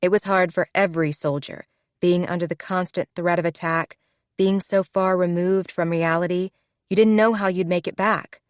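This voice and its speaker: Woman reading a romance novel, lowish voice, dry close mic. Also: steady tone, normal speed, smooth, no room sound. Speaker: audiobook narrator. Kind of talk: scripted romance narration. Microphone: close studio mic.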